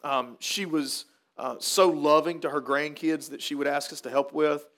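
A man's voice: a little high, steady tone, normal speed, fairly bright tone. A man preaching at a funeral, telling a folksy story and then turning to earnest preaching. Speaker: pastor.

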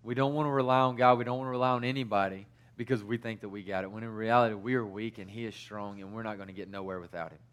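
A man in his thirties preaching in a loose, storytelling way, stumbling over words and restarting sentences. His voice sits a little low but has a bright, forward edge. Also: fairly even intonation, fast, few pauses. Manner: conversational, many fillers and restarts. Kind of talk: personal-story sermon.

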